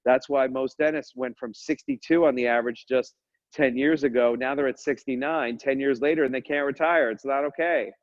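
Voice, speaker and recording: An energetic man hosts a casual podcast, talking fast and joking as he wanders off on tangents. His voice sits at a middle pitch and comes through a dry, close mic. The sound is a little dull, like compressed podcast audio. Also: no room sound. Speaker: dental practice business coach, podcast host.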